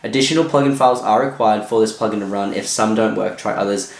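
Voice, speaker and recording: A man's voice: lowish voice, fast, vocal fry. A man hosting a casual tutorial, talking loosely with lots of filler phrases. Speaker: tutorial host. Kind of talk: casual screen-recorded tutorial. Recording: echoey room.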